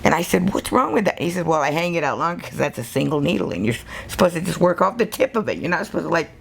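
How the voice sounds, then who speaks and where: Low gravelly older American woman. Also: fast. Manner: animated, laughing storyteller who acts out quotes. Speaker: tattoo artist. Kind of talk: storytelling interview.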